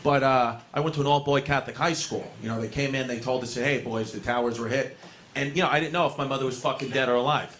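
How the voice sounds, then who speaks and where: A man from New doing a stand-up set, telling a profane story and shouting his punchlines. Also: medium pitch, steady tone, fast talker, slight background noise. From New York. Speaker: stand-up comedian. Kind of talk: stand-up routine. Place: comedy club stage. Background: audience laughter.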